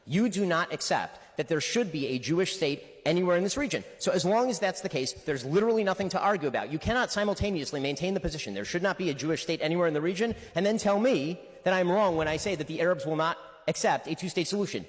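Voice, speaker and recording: Man debater, fast insistent rebuttal, a bit high, long hall reverb. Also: big pitch swings. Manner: insistent, rapid-fire rebuttal. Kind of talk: heated debate.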